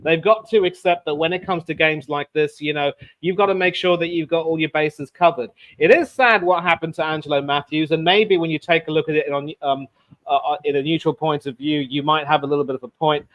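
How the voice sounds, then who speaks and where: Animated man hosting a sports chat. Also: fairly high pitch, brisk. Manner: animated, with many fillers and restarts. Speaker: sports show host.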